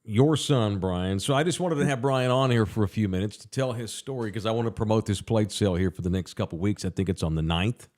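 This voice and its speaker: A man's voice: lowish voice, a little fast, few pauses, a little mellow. A man hosting a casual podcast, talking in a loose, rambling way with fillers. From San Antonio area. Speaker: podcast host. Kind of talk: casual sports podcast chat.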